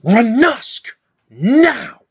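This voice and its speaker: A man's voice: a little high, normal speed, husky, dry recording. A man voicing a stern, urgent mother who gives curt commands in a tabletop game.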